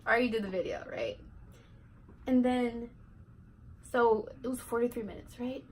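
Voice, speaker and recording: A woman's voice: on the high side, normal speed, a little mellow, slight background noise, low-quality recording. A teenage girl vlogger telling a casual storytime, rambling and giggly, full of "like" and "right". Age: teens.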